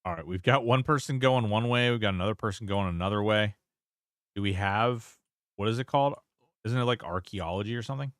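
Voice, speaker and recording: A man's voice: on the low side, brisk, fairly bright tone, no room sound, studio quality. A man streaming a game, chatting casually, reading chat aloud and swearing now and then. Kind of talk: casual gameplay commentary.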